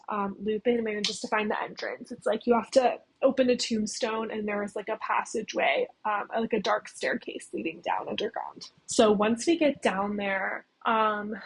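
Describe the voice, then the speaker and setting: A woman's voice: medium pitch, husky, rough recording. A young woman casually recapping a story plot, chatty and full of "like". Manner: chatty, heavy use of "like". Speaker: video essayist.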